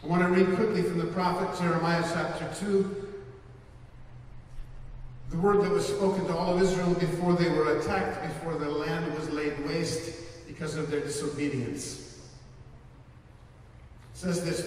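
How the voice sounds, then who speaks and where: A male pastor giving an earnest sermon and personal testimony to an audience, slowing down for emphasis. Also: a little high, a little hiss or hum. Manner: earnest storytelling, slows for emphasis. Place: large hall before a live audience. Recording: echoey hall from far off.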